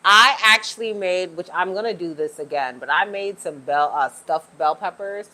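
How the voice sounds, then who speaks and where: A woman's voice: on the low side, moderate pace, bright, forceful tone. A woman hosting a casual livestream from home, chatting with viewers and laughing often. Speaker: livestream host.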